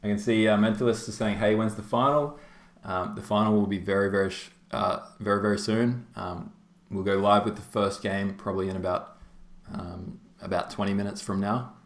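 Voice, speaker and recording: Chatty Australian man with low voice. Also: fairly even intonation, moderate pace. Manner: chatty, rambling, laughs often, many fillers. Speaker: tournament caster and stream host. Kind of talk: casual live-stream chat. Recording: roomy echo.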